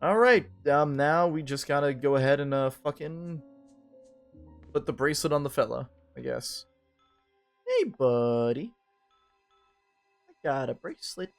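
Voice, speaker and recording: A man's voice: mid-range voice, animated, a little slow, gravelly, long pauses, faint music behind. A man giving casual, offhand commentary while playing a game, swearing now and then. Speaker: gamer.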